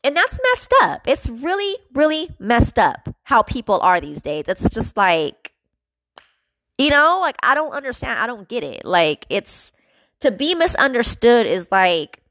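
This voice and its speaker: A woman's voice: fairly high pitch, big pitch swings, unhurried, a bit bright, dry recording. A young woman hosting a podcast, venting about feeling misunderstood in a frustrated, emotional monologue full of fillers and swearing, close to tears. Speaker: podcast host.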